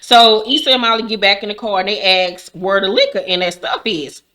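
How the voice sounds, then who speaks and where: A woman's voice: medium pitch, lively intonation, fairly quick, sharp tone. A woman recapping a TV episode in a casual, slangy and profane storytelling chat.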